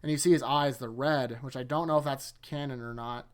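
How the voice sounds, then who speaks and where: A man's voice: mid-range voice, fairly even intonation, a little fast, smooth. A man hosting his own anime rewatch, recapping episodes in a loose, rambling way that trips over itself and keeps correcting itself. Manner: rambling, self-correcting, chuckles often.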